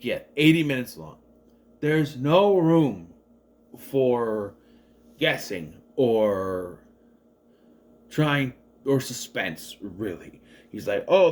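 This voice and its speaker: A man giving a casual, chatty movie review, rambling with many fillers and restarts and acting out the characters' lines. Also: mid-range voice. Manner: animated, acts out the characters' lines.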